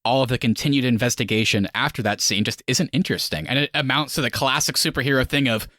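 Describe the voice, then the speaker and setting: A man's voice: medium pitch, fast talker, pushed and bright, no room sound, studio quality. A man co-hosting a casual film review chat, rambling and leaning on "like" as he acts out scenes. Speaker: podcast co-host.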